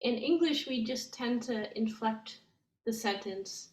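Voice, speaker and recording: A woman teaching a language lesson, explaining gently and step by step with frequent ums. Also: a little high, takes it slowly, reverberant, poor audio. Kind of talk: slow, patient language lesson.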